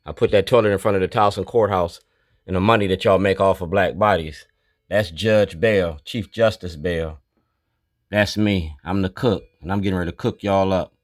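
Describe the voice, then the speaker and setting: Blunt low-voiced man, dry close sound. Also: fairly even intonation, moderate pace, no room sound. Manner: blunt, declarative, pointing things out one by one. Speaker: activist. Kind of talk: narrated documentary walkthrough.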